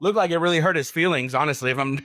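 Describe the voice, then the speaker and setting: A laid-back man co-hosting a poker podcast in casual, slangy banter, with a voice a little higher than most men's. He laughs often. The sound is dry and close. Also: very fast, sharp tone, no echo. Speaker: podcast co-host running the picks.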